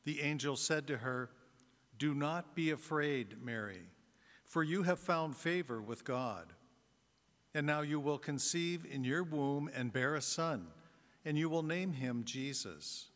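Deacon reading the gospel, slow and steady, church reverb all around. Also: male voice, fairly high pitch. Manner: slow, measured proclamation. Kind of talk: scripture reading.

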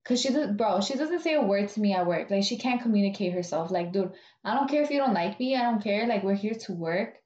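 A woman's voice: medium pitch, lively intonation, fast talker, darkish tone. A young woman in casual chat, bluntly retelling workplace drama with lots of swearing and fillers. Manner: blunt, profane, full of "like" and "dude". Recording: roomy, dull, lo-fi with faint hiss.

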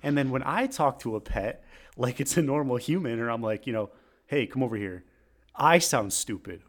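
A young man co-hosting a casual podcast, ranting and mocking baby talk with squeaky impressions. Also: animated, normal speed. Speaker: podcast co-host. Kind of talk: casual chat.

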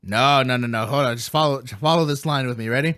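A man hosting a podcast in casual chat, excitable, rambling and playfully brash, eating while he talks. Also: mid-range voice, fast talker, smooth, no echo, clean studio sound. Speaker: podcast host.

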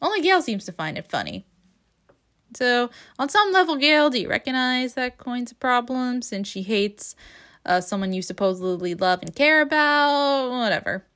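A woman's voice: fairly high pitch, animated, normal speed, fairly bright tone. A woman hosting a podcast, recapping a book in a casual, rambling way with sarcastic asides and frequent laughs. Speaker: podcast host.

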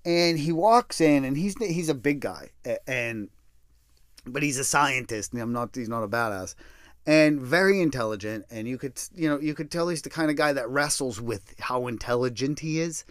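A middle-aged man telling a personal story in a casual, blunt way, swearing and mocking himself, jumping from loud bursts to low mutters. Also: lively intonation, moderate pace, dry recording, studio quality. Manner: profane, blunt and self-deprecating.

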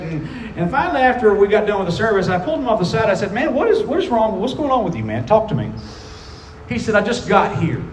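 A man preaching a sermon, telling a story with animated, acted-out quotes that build in intensity. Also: on the high side, a little hiss or hum. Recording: echoey hall.

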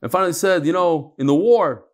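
A man teaching a text class who reads passages aloud, then explains them in relaxed talk and tells stories. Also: on the high side, a little fast. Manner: storytelling, acts out quoted voices. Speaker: Talmud teacher. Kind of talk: Talmud class lecture.

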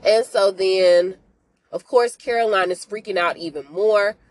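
A woman hosting a podcast, recapping a TV series in a casual, animated, slangy way, often speaking to listeners as y'all. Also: medium pitch, a little slow, no room sound. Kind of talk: casual chat.

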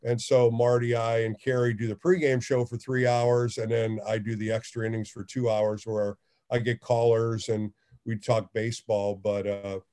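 A middle-aged man with a warm, mellow voice, chatting in an easygoing interview. He tells stories animatedly, jumping higher when he acts out what people said. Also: level tone, normal speed. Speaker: baseball radio host. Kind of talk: casual interview storytelling.

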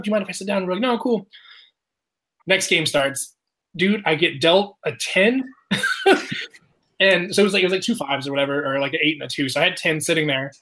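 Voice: medium pitch, fairly bright tone. A person telling a casual story, swearing often, laughing and acting out the quotes of others.

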